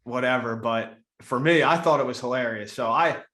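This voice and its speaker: A man hosting a casual podcast chat, talking in a laid-back, halting way with repeated starts. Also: medium pitch, sharp tone. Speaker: podcast host and pro baseball player. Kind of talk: casual conversation. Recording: echoey room sound.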